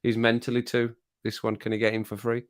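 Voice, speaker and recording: A man's voice: medium pitch, monotone, a little fast. A middle-aged man hosting a casual live stream, teasing viewers, laughing often and repeating his phrases as he reads the chat. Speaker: livestream host reading chat.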